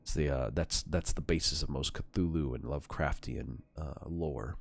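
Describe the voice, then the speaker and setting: A man's voice: extremely low pitch, normal speed, vocal fry. A man streaming a horror game, talking casually and bluntly, swearing, and reading the game's text aloud. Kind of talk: casual gameplay commentary.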